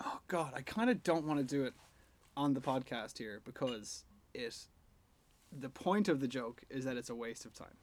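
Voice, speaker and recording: A man's voice: medium pitch, expressive, moderate pace. A man co-hosting a podcast in casual chat, jokey and sweary, telling rambling jokes, recorded in a garage. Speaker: podcast co-host.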